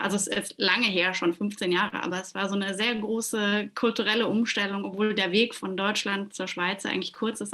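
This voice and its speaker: A woman from Germany answers interview questions over a video call. She talks in a relaxed, chatty way and laughs easily. Her voice sits at a middle pitch. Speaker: author guest.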